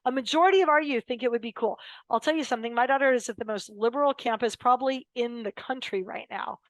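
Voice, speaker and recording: An American woman in her fifties, a lawyer appearing as a podcast guest, tells personal stories in an interview, acting out the quotes in an emphatic, dramatic way. Her voice sits on the high side and she talks fast. The recording is dry and the audio quality is poor.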